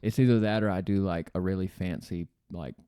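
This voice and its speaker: A young man hosts a loose, joking podcast chat, and his speech is full of filler words. His voice sits low with a mellow, dark tone. The sound is dry and close, with no room echo. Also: brisk, clear, resonant tone. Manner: rambling, jokey, full of "like". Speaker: podcast host. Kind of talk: casual chat.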